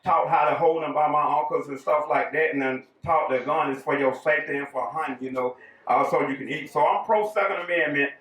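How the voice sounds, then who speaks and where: A man's voice: on the high side, brisk, a bit bright. A man with a Southern US accent, raised in the South and born in New York, giving a bold, folksy campaign speech with jokes. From raised in the American South, born in New York. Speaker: political candidate giving a speech. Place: public event hall. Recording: echoey room, voice from far off.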